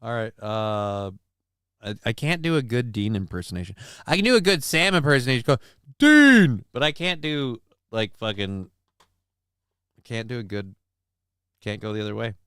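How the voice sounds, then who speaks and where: A man's voice: fairly low pitch, lively intonation, normal speed, a bit bright, clean tone, no echo, clean studio sound. A man hosting a casual livestream, reading the chat aloud, joking, loose and profane, with lots of ums and uhs. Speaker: livestream show host.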